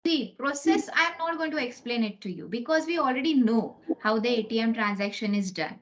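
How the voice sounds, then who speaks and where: Over a video call, a woman with a fairly high, brisk voice teaches a class online, breaking the material into steps and repeatedly asking "okay?". Her computer mic produces a lo-fi meeting recording.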